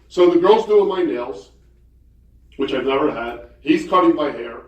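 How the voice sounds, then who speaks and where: A man in his sixties doing stand-up storytelling, with chatty, hesitant delivery and deadpan punchlines. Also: fairly high pitch, a little slow, dull audio. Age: 60s. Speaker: comedian at a banquet. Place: banquet hall. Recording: echoey hall, voice far off.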